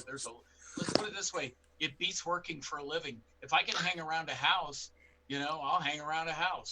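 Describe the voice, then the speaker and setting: A middle-aged man, a bear expert guest on a panel, telling animated stories with acted-out quotes. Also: mid-range voice, slight background noise, rough recording. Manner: animated anecdotes with quoted dialogue. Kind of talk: storytelling in a panel interview.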